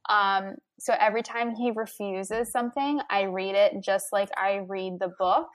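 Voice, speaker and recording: A young woman co-hosting a podcast, chatting playfully with quick laughs. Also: mid-range voice. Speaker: podcast co-host. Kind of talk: casual chat.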